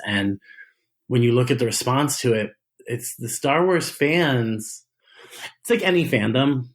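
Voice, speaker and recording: A man being interviewed as a guest, a drag performer telling stories in a casual chat, animated and laughing often. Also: medium pitch. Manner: animated storyteller, laughs and giggles often, many restarts.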